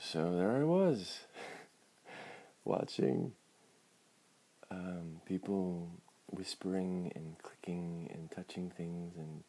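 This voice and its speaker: A man's voice: deep voice, warm tone, breathy edge. A man hosting a casual late-night livestream from a phone at home, rambling with laughs and apologies. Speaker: livestream host.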